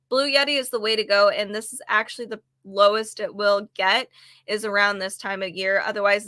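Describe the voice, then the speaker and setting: A woman's voice: mid-range voice, sharp tone, no room sound. A woman casually showing sale items on camera from her home office, chatty and rambling, her voice a little worn. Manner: chatty, rambling, self-deprecating. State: slightly losing her voice. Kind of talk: casual product vlog. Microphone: desk microphone on camera.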